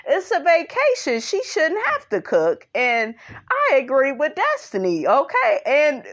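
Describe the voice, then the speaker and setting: A woman giving a sassy, animated casual commentary recap of a reality show, tossing in "honey" and "okay" as she goes. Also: a little slow, lo-fi sound. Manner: sassy, animated, sprinkles 'honey' and 'okay'; breaks into high laughing impressions.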